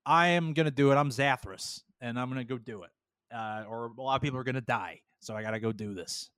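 A man voicing an earnest, odd male alien caretaker who speaks in simple, halting phrases. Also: mid-range voice, fairly bright tone, clear, resonant tone, no echo, clean studio sound, close to an everyday voice.

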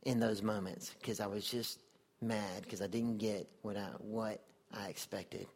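A man's voice: lowish voice, steady tone, a little slow. A man preaching a sermon in an earnest, conversational way, often putting questions to his listeners. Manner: earnest, conversational, asks the audience many questions.

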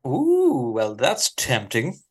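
A man impersonating a chummy male radio host, with slow, sing-song broadcaster patter. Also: mid-range voice, huge pitch swings, exaggerated voice.

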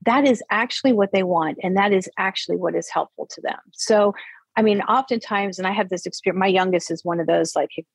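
A woman in her fifties, a therapist, explaining parenting in an earnest conversational interview and slowing down to stress her points. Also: mid-range voice, slightly rough, no echo, rough recording. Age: 50s.

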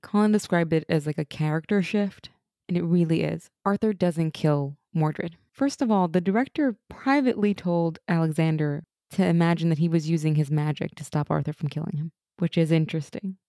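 A woman's voice: low voice, warm tone, no echo, studio quality. A woman co-hosting a casual rewatch podcast who talks with lots of "like" and laughs easily. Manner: chatty, uses "like" often, quick laughs. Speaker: podcast co-host.

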